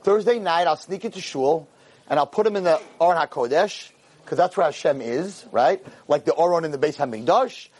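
A man's voice: a little high, a little fast, breathy edge. A man voicing a simple, devout working man who talks eagerly and pleads. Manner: excited, pleading.

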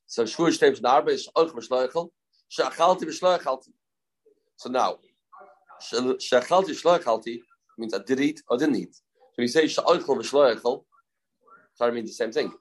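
A man teaching a daily Talmud page, walking through each case step by step. He repeats key phrases to drive a point home and reads in a way. His voice sits at an ordinary middle pitch. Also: moderate pace, pauses often. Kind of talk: daf yomi lecture.

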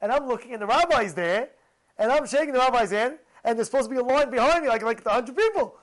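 High-pitched animated rabbi telling stories. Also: male voice, fast, rough recording. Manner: animated, repeats phrases, mixes in Hebrew terms. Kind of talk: storytelling Torah talk.

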